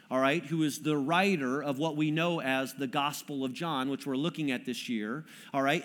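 A middle-aged man preaching to his congregation in an earnest, conversational way. He teaches like he is talking with friends and pulls the room in with questions. His voice sits a little higher than most men's. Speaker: pastor. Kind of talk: sermon. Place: church room with audience.

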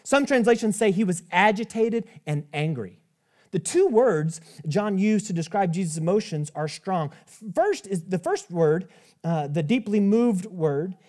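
Male pastor in his 30s, lively conversational preaching, quick asides, frequent restarts. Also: sits high. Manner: conversational, animated, self-interrupting with restarts and asides. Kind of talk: sermon.

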